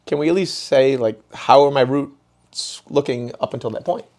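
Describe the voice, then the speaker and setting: A young man, a comedian guest on a podcast, telling stories in an animated way and jumping up into exaggerated voices for effect. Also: moderate pace. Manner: animated storyteller, jumps high into put-on voices. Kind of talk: casual chat.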